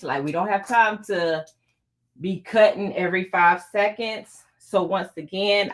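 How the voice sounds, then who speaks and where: Chatty woman with a lowish voice. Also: a bit bright. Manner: chatty, talks to viewers while working. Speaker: quilting channel host. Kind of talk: casual live sewing tutorial.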